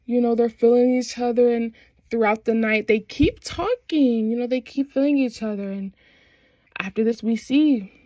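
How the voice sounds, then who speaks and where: A woman's voice: on the high side, normal speed, mellow, no echo. A young adult woman in casual chat, recapping a TV show with slangy phrasing and frequent laughs. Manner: chatty, slangy, laughs often while recapping. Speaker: vlogger.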